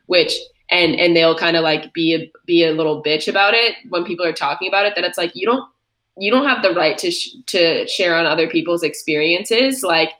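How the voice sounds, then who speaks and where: A young woman co-hosting a podcast, chatting bluntly and excitably, swearing often. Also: fairly low pitch, fairly quick. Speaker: podcast co-host. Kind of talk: casual podcast chat.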